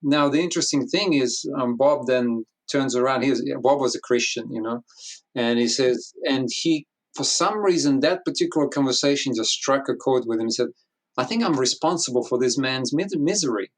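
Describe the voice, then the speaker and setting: Interview guest, male, lively storyteller who voices the people in his anecdotes, repeats words as he talks. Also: medium pitch, normal speed. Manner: animated storytelling, acts out quoted dialogue, frequent restarts. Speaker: guest, business consultant. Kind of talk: conversational interview.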